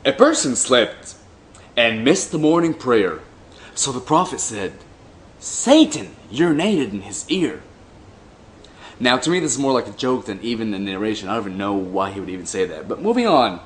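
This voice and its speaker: A man reading religious texts aloud in a slow, deliberate way, breaking off for mocking, dry asides. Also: mid-range voice, big pitch swings, a little hiss or hum. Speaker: commentator reading hadith aloud.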